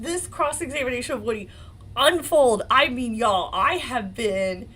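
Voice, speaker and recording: Excitable American woman with a lively voice. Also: a little high, unhurried, husky, rough recording. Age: 40s. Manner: excitable and emotional, swearing, laughing often. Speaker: legal commentary livestream host. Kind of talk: casual live-stream commentary.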